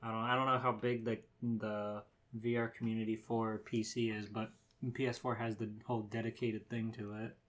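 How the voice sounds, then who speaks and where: A man's voice: fairly low pitch, flat delivery, moderate pace. A man hosting a casual podcast chat, playful and joking, often breaking into laughs. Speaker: podcast host.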